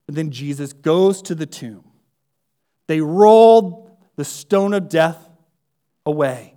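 A man with a slightly high voice preaches a sermon slowly, with long pauses. He shifts between hushed near-whispers and loud, fervent emphasis, building intensity through repeated phrases.

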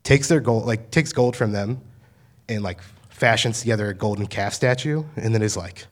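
Casual low-voiced young man preaching. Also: brisk. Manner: conversational, many fillers, paraphrasing with voiced asides. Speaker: campus ministry staff speaker. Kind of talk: casual sermon talk.

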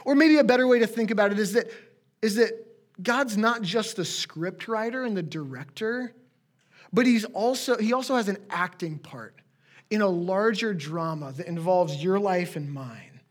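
A man's voice: high-pitched, animated, moderate pace. A man preaching a conversational sermon as a pastor to his congregation, with friendly asides.

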